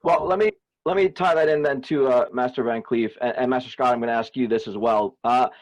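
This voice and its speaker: A man's voice: medium pitch, brisk, dull audio. A man moderating a panel by video call, putting questions politely and with measure.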